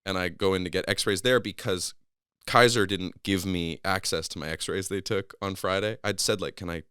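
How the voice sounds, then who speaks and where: A man's voice: sits low, moderate pace, clean tone, dry recording, studio quality. A man casually telling a long story on a podcast, acting out the people in it with raised voices. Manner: animated, acts out quoted people in a raised voice.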